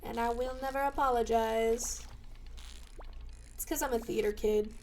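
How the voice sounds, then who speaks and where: A young woman live-streaming while she plays a game. She chats casually, swears freely, and bursts into loud shouts. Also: on the high side, moderate pace, a little hiss or hum, rough recording.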